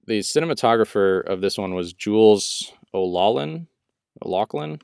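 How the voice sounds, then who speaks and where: Low, smooth-voiced man reviewing movies. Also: lively intonation, moderate pace, darkish tone, no echo, studio quality. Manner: rambling, laughs often, lots of restarts and "like". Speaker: podcast co-host. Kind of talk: casual movie review chat.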